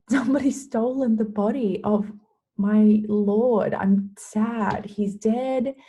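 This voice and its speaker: A young woman leads a devotion by retelling a scripture story in a casual, animated way. Her voice sits low with a husky, gravelly texture and a mellow tone. She drifts through lots of fillers as she talks it through. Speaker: devotion leader.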